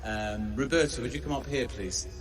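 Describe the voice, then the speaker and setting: An actor playing a nervous male music teacher who makes a halting speech in a film clip. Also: medium pitch, lightly acted. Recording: distant film audio with reverb and music.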